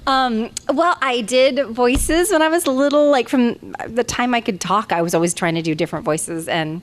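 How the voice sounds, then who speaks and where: A woman's voice: fairly high pitch, moderate pace. A woman in her forties, a voice actress telling stories to fans at a convention panel, chatty and rambling with frequent laughter, on a handheld microphone. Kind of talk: casual storytelling at a fan convention panel.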